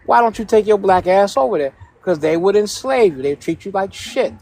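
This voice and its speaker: A man's voice: high voice, animated, fairly quick, a little mellow. A man arguing heatedly on a live panel, confrontational and profane, repeating himself and talking over others. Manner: confrontational, repetitive, interrupting, profane. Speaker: panel participant. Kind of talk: heated live-stream debate.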